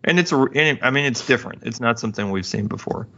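A man co-hosting a podcast in casual chat, rambling with halting restarts and cracking dad jokes. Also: mid-range voice, sharp tone, muffled recording. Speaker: podcast co-host.

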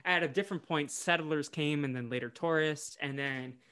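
A man's voice: on the high side, normal speed, sharp tone, clean tone. A man co-hosting a casual podcast, recapping a cartoon film in a chatty, joking way with lots of questions. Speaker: podcast co-host.

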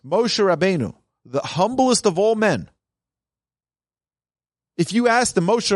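A man's voice: high-pitched, very animated, unhurried, pauses often, dry recording, clean studio sound. A man, a rabbi, teaching a Talmud class in an earnest, emphatic way. He reads lines from the source text and then explains them in plain speech.

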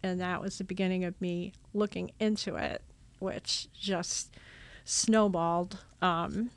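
A religious sister telling her vocation story in a casual, animated way, acting out old conversations. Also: lowish voice, slow. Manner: animated, acts out her own past dialogue with laughs.

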